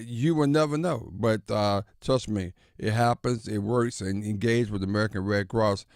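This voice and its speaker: A man hosting a sports talk show, chatting in a relaxed, affirming way. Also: fairly low pitch, no room sound, clean studio sound. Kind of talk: casual sports radio talk.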